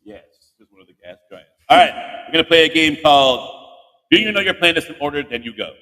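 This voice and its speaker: A man with a fairly high voice hosts a podcast with two children, talking fast as he quizzes them playfully, teases them, and cheers them on with animated energy. The sound has a long reverb tail.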